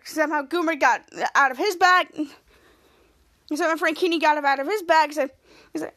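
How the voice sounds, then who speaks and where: High-voiced woman recapping a show. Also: fairly bright tone. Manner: halting, repetitive retelling with many restarts and "cut to". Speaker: podcast host. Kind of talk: casual episode recap.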